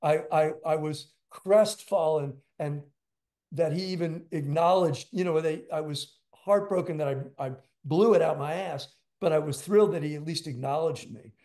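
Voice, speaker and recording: A man's voice: a little high, moderate pace. Rambling older man telling stories. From United States. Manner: rambling, animated storytelling with many fillers. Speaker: guest drummer. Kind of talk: storytelling interview.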